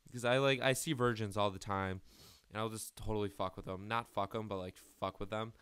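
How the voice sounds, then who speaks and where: Teen male let's-player, crude self-mocking rambler, smooth voice, dry close sound. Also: fairly low pitch, fairly even intonation, fairly quick, fairly bright tone, no room sound. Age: late teens. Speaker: gaming YouTuber. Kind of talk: casual gameplay commentary.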